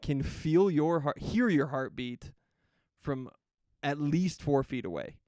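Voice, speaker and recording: A man's voice: fairly high pitch, slow pace, a little mellow, dry recording, studio quality. A man co-hosting a comedy podcast, telling rambling stories full of profanity in casual banter. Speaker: podcast co-host.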